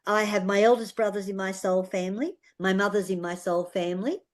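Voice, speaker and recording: A woman's voice: medium pitch, a little fast. An older Australian woman, a guest healer, telling heartfelt personal stories in an interview, earnest and given to repeating her phrases.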